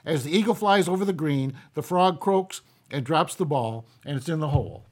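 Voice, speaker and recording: A man's voice: on the high side, expressive, normal speed, darkish tone. A man co-hosting a podcast, telling jokes in a folksy, easygoing way and chuckling between them. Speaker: podcast co-host. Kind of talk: casual joke telling.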